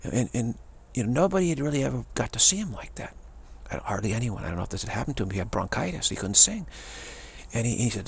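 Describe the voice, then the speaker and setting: A man's voice: medium pitch, very animated, fast, gravelly, husky. A man, a spiritual teacher, telling a personal story and acting out what other people said.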